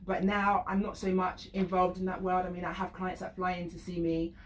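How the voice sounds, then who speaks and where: A woman working as a professional dominatrix, a guest on a radio show, telling stories in casual chat, animated and laughing often. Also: lowish voice, a little fast, roomy sound, far from the mic, a little hiss or hum. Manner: animated storyteller, laughs often, acts out voices.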